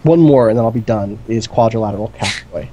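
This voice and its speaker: Co-hosting a gaming stream from an indoor setup, a man chats casually with enthusiasm, rambling and using lots of fillers. His voice is lowish, fairly quick and warm.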